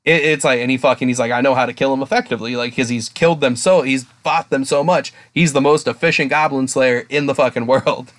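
A man's voice: mid-range voice, steady tone, a little fast, few pauses, a bit bright. A man co-hosting a casual podcast, talking profanely and acting out characters' lines as he recaps. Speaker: podcast co-host.

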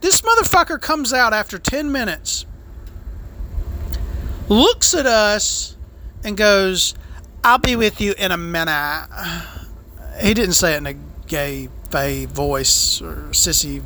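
A man's voice: sits high, lively intonation, slow pace, sharp tone. A man telling a heated, crude, profanity-filled story about bad service as a food vlogger.

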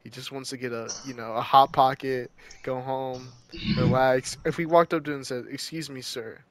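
A man's voice: mid-range voice, fairly even intonation, normal speed, a little hiss or hum. A young man co-hosting a podcast in casual banter, rambling through joking made-up scenarios. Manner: rambling, spins joking hypotheticals. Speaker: podcast co-host.

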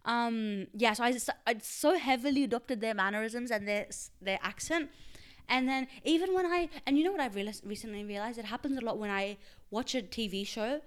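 A woman's voice: on the high side, a little fast, clean tone. A young woman with an Australian accent, co-hosting a casual chat and rambling through restarted sentences. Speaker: podcast co-host.

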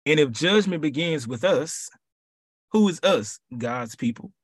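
A man leading a podcast Bible study who preaches in a lively, colloquial way and repeats his phrases for emphasis. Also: a little high, measured pace, slightly rough, dry recording, clean studio sound.

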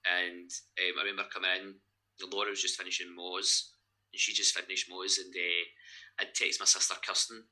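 A Scottish man and gym owner, recounting a hard personal story in an interview, halting and emotional, with many restarts. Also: low-pitched, level tone, pushed and bright, poor audio. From Scotland.

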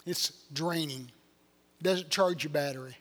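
An older pastor preaches in a folksy, earnest way, telling stories from the pulpit. His voice sits high for a man. It rings out through a reverberant church sanctuary. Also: a little slow, a bit bright. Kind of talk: sermon. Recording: long hall reverb.

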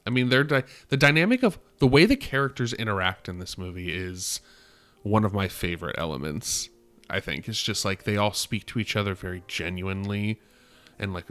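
Low-voiced, soft-spoken man rambling. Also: clear, resonant tone. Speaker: podcast co-host. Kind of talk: casual movie discussion.

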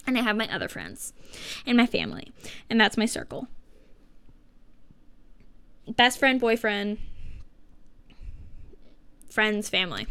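A woman's voice: a little high, fairly bright tone, smooth, dry recording. A seventeen-year-old girl hosting her first podcast from her living room, rambling and self-mocking with sarcastic asides and swearing. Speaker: podcast host. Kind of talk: casual solo podcast chat.

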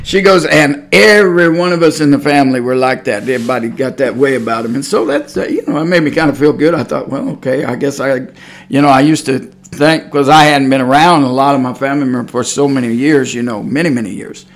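A man's voice: medium pitch, fast. A man with a Texan accent hosting a religious podcast, telling stories in a folksy, meandering way with many fillers. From Texas. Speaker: podcast host. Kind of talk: rambling religious podcast talk.

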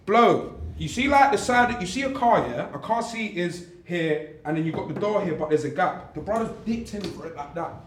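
A man's voice: high-pitched, lively intonation, normal speed, noisy background. A young man, a guest animatedly telling a story in casual chat, full of slang and repeats. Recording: echoey room.

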